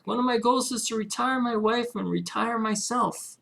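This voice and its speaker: A man's voice: extremely high pitch, normal speed, creaky, few pauses, pushed and bright. A man talking straight to camera in a personal video diary about his home-based marketing business, earnest and heartfelt, often rambling with filler words. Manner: earnest, rambling, many "you know" fillers; heartfelt, religious.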